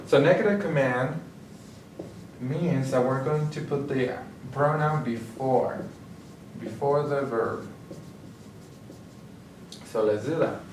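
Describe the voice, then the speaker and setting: A man's voice: mid-range voice, takes it slowly, long pauses, darkish tone. Man tutoring in an echoey room. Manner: step-by-step explaining, checks in with "okay?". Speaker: Spanish tutor. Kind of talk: recorded grammar lesson. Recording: echoey room, mic at a distance, faint hiss.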